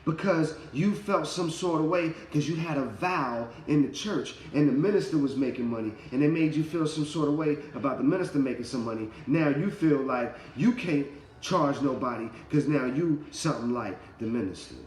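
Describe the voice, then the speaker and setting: Animated man telling a motivational story. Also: on the high side, normal speed, echoey room, slight background noise. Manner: animated storytelling with slang and swearing. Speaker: motivational speaker. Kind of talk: casual motivational talk.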